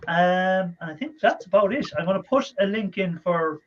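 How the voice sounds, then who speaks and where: A man's voice: high-pitched, lively intonation, moderate pace, a bit bright. A man with an Irish accent hosting a casual livestream chat, chatty and friendly as he wraps up. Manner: friendly, rambling sign-off. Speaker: host. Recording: muffled lo-fi stream audio.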